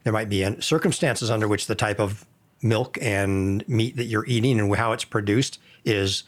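A man hosting a casual podcast discussion, speaking in a measured, thoughtful way with some hesitation. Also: fairly low pitch.

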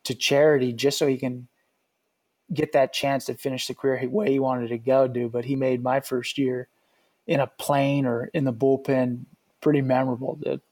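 A man, a former pitcher, telling team stories in a loose, casual way and saying "dude" a lot. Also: level tone, moderate pace, darkish tone. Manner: laid-back, says "dude" a lot. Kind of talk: casual storytelling chat.

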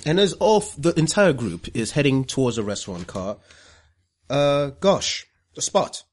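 A man's voice: mid-range voice, big pitch swings, moderate pace, slight background noise. A man narrating as game master, in a playful tone.

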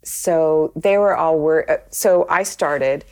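A woman's voice: sits low, slow pace, a little mellow. A woman guest telling a long personal story in a chatty way, with many ums and quoted lines. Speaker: interview guest. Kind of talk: casual storytelling.

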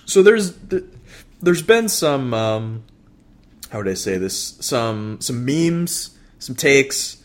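A man co-hosting a podcast, talking baseball in a relaxed, chatty way with plenty of fillers and restarts. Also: medium pitch, takes it slowly. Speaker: podcast co-host. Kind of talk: casual baseball chat.

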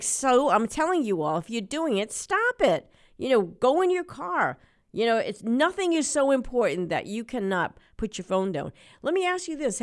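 A middle-aged woman hosting a local radio show, telling stories and ranting in a chatty, animated way. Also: fairly high pitch. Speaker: radio host.

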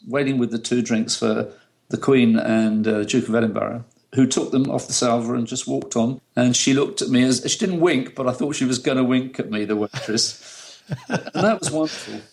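A creaky, mid-range male voice at normal speed belongs to a middle-aged British photographer. In an interview, he relaxes into anecdotes, chatting and laughing often.

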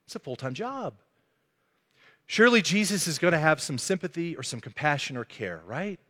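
A man's voice: fairly high pitch, sing-song, normal speed, bright, forceful tone. Earnest man preaching a sermon. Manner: earnest storytelling, acting out quotes. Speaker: pastor. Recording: echoey hall.

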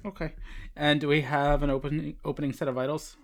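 A man's voice: a little high, flat delivery, brisk. A man, a doctor, working methodically through a mock exam case on a podcast with wry asides. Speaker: doctor taking a mock oral boards case.

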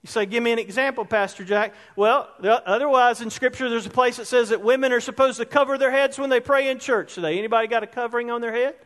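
Male pastor, very high voice, chatty preaching style, long church-hall reverb. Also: quick pace, few pauses, a bit bright. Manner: conversational preaching, asks the congregation questions. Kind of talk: sermon. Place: church sanctuary.

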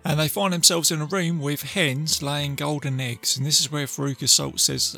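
A man's voice: fairly high pitch, steady tone, normal speed, vocal fry, hardly any pauses, sharp tone, faint music behind. A man casually retelling a film's plot, rambling and full of fillers. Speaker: film reviewer. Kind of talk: casual film recap to camera.

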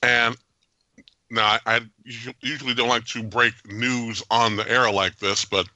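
A man hosting a podcast, giving an animated, jokey and opinionated movie review with frequent laughs. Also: mid-range voice, normal speed, dry recording. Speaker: podcast host. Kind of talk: casual movie review chat.

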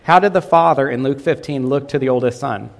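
A man's voice: mid-range voice, fairly quick, gravelly. A pastor preaching a sermon, asking his congregation questions and coaxing them to answer. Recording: long reverb of a hall.

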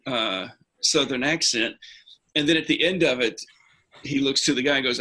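A man with a husky, somewhat breathy voice at an ordinary pitch, chatting on a podcast. He tells long, winding stories and often stops to restart his sentences. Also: normal speed, long pauses, pushed and bright. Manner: rambling storyteller, restarts a lot. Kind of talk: casual chat.

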